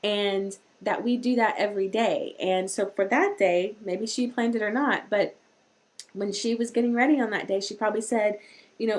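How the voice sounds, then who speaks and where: A woman hosts a live-streamed parenting talk in a chatty, rambling way. She often restarts her sentences as she goes, and her voice sits at an ordinary middle pitch. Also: steady tone, moderate pace. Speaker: host.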